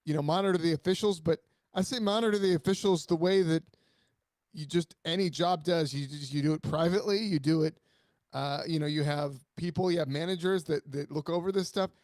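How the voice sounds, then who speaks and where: A man's voice: fairly high pitch, brisk, a little mellow, no room sound, clean studio sound. A man co-hosting a sports talk radio show, chatting casually and going off on emphatic rants. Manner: ranting, emphatic. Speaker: radio co-host.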